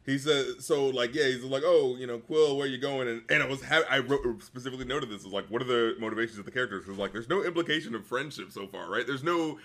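Male podcast co-host with a mid-range voice, relaxed and rambling. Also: mid-range voice, fast talker, hardly any pauses. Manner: easygoing, agreeable, rambling. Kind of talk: casual movie discussion.

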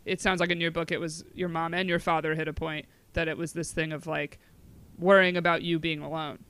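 A man's voice: on the high side, flat delivery, brisk, bright, forceful tone, smooth. A man hosting a podcast, asking questions in a conversational way with many fillers. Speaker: podcast host. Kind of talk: casual podcast interview.

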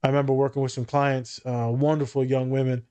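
A man's voice: mid-range voice, flat delivery, quick pace, mellow, clear, resonant tone. Male therapist-host, frank and foul-mouthed, loose joking delivery. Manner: blunt, profane and joking. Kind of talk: casual podcast chat.

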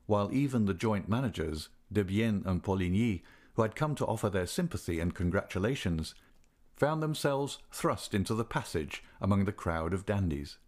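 A man reads a classic novel aloud at an even, measured pace. His voice sits somewhat low, and the telling stays steady throughout. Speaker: audiobook narrator.

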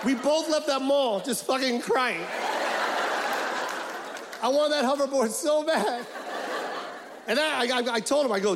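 A man doing a profane, animated stand-up comedy routine, acting out voices as he tells a story. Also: extremely high pitch, measured pace, long pauses, background noise. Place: large venue with a live audience. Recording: echoey hall, loud crowd.

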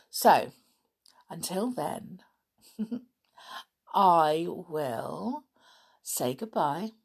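A woman reading a children's story aloud and hosting a podcast, in a gentle, unhurried manner. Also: sits low, creaky, husky.

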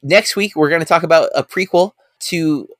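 A man's voice: a little high, normal speed, dry recording, clean studio sound. A man co-hosting a podcast, chatting casually and rambling with restarts. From United States. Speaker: podcast co-host.

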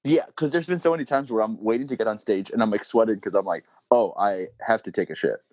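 A man's voice: fairly low pitch, quick pace, darkish tone, dry recording. A man guesting on a podcast, chatting casually in a wry, self-mocking way. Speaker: guest comedian.

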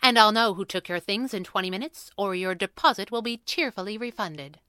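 A woman's voice: medium pitch, a little fast, bright, forceful tone, clear, resonant tone, no room sound, natural voice. A woman reading a storybook, voicing a teasing, mercenary young woman detective with a dry manner.

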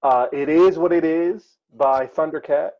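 A man's voice: fairly high pitch, measured pace, dull audio. A man co-hosting a casual chat, talking hesitantly with many ums and uhs. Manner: hesitant, many fillers while reading lists. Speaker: podcast co-host.

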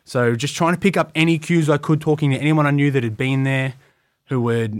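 A man's voice: a little high, steady tone, fairly quick, no echo, studio quality. A man with an Australian accent, telling his story as an interview guest in a rambling way, full of "like.". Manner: rambling, many "like" fillers. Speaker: guest, wrestling tryout athlete.

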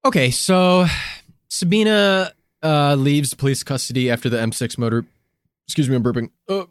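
A man's voice: fairly high pitch, moderate pace, clean tone, no room sound. A man from the United States co-hosting a podcast in casual chat, swearing often and laughing. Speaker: podcast co-host.

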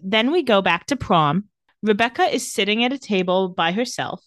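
A woman co-hosting a casual podcast, recapping a TV episode and paraphrasing its dialogue. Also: medium pitch. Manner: animated, reads out dialogue in quick paraphrase. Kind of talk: casual chat.

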